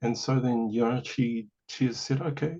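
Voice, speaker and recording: Gravelly New man telling a story. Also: mid-range voice, normal speed. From New Zealand. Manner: animated, acts out quoted voices, many "you know" asides. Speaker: podcast guest. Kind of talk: personal storytelling in a conversation. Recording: dull lo-fi audio.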